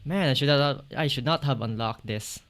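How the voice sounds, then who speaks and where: A man streaming a video game live, chatting casually with his viewers and reacting out loud to what happens on screen, from a home setup on a desk mic. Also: mid-range voice, normal speed. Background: game music.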